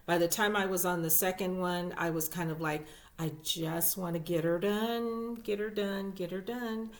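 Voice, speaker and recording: A woman talks through her crochet projects in a casual vlog, chatty and gushing as she goes. Her voice sits on the low side and her pace is slow and unhurried. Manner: chatty and gushing, with fillers and repeats. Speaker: crochet YouTuber. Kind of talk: casual show-and-tell vlog.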